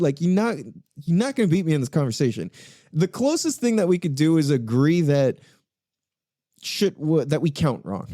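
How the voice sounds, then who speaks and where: Rambling, profane laid-back podcast host. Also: male voice, a little high, animated, a little fast, warm tone, no room sound, studio quality. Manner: rambling, profane, laughs often. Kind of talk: casual solo podcast monologue.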